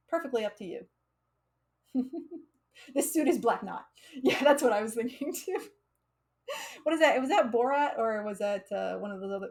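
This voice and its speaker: An American woman teaching coding on a live stream, chatty and laughing often, with frequent fillers. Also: mid-range voice. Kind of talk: casual live coding lesson.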